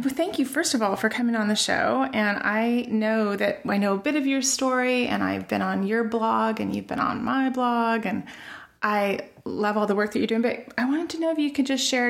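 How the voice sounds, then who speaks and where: A woman hosts a podcast in relaxed, chatty talk, gushing about her guest and peppering her speech with "like". Her voice has a noticeable gravelly fry. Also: fairly high pitch, moderate pace. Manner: chatty and effusive, says "like" often. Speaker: podcast host. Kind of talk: casual chat.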